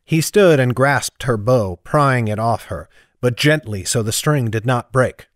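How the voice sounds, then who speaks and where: A man reading a fantasy novel aloud as audiobook narrator, in a steady, even storytelling manner. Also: medium pitch, unhurried, no echo, clean studio sound. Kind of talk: scripted narration.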